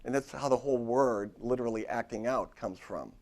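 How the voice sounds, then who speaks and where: A man's voice: mid-range voice, fairly quick, a little mellow. A middle-aged man, a therapist giving a live lecture to other therapists, talking straight to the audience with emphatic repetition. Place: lecture room at a university.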